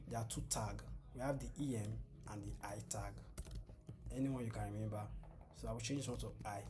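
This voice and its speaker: A man's voice: medium pitch, dark tone. A man giving a screen-share coding lesson, patient and repetitive, often asking the class "what?" and then answering himself. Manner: asks the class fill-in questions and answers them himself. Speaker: coding tutor. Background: background music.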